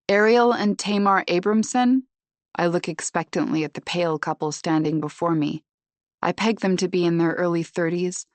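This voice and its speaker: A woman narrating a suspense audiobook in the first person, measured and tense. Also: deep voice, no echo.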